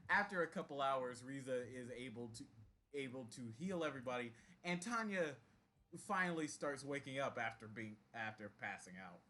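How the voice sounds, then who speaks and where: A man narrating as game master of a tabletop game, halting and full of fillers. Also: mid-range voice, expressive, bright, forceful tone.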